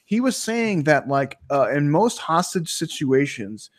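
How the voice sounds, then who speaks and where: A man's voice: fairly high pitch, a little slow. Rambling, profane man with a raised voice. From Chicago, USA. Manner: rambling, profane and animated storytelling. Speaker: co-host. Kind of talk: casual chat on a webinar.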